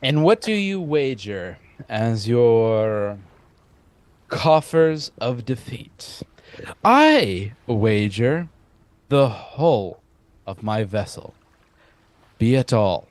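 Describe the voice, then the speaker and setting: A man voicing an arrogant young noble marquis in a tabletop game, speaking formally and slowly. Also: medium pitch, big pitch swings, dry recording. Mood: haughty. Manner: formal, stately, slow speech.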